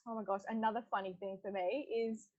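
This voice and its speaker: A young woman, a podcast guest, telling a story in casual chat, animated and quick to laugh, acting out what others said. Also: medium pitch, phone-quality sound. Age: young adult. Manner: animated, laughs often, acts out quoted lines.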